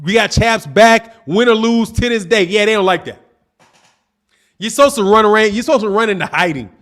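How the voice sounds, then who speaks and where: High, lively, trash-talking man. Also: brisk. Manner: combative, mocking, trash-talking. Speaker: boxing channel host. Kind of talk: live-stream commentary reading super chats.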